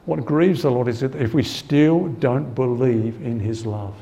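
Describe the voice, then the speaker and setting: A man's voice: mid-range voice, a little slow, creaky, warm tone. A man preaching a Bible-teaching sermon in a conversational way, repeating his key points and often saying "you know.".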